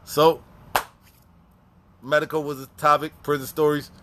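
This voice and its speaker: A man casually telling stories, animated and slangy, laughing often. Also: sits high, moderate pace, long pauses, a little hiss or hum. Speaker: storyteller. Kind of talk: casual storytelling.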